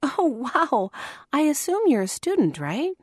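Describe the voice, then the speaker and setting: An actress playing a cheerful radio host in an ad, with a chirpy, sing-song manner. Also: female voice, high-pitched, big pitch swings, a little slow, a little mellow, no room sound, clean studio sound.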